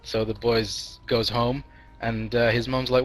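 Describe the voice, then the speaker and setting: A man's voice: mid-range voice, flat delivery, moderate pace, fairly bright tone, low-quality recording. A man telling a long joke to friends, rambling with fillers and restarts.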